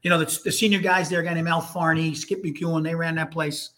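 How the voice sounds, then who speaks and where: His voice is fairly high, pushed, and bright, with a flat delivery and a slightly quick pace. He's a firefighter from Hartford, Connecticut, appearing as a guest, and his casual, rambling firehouse stories are full of restarts and salty, blunt talk.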